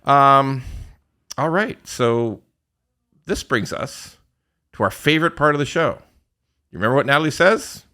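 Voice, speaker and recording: A man's voice: medium pitch, expressive, measured pace, long pauses, pushed and bright. A man hosting a casual podcast chat, swearing freely, laughing often and restarting his sentences with repeated words. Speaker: podcast host.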